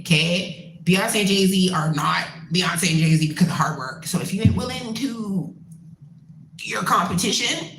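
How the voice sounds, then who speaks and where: A woman's voice: medium pitch, slight background noise. Blunt, profane woman ranting in an echoey room. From Canada. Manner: profane, blunt, animated storytelling. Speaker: musician and show host. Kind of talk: casual rant.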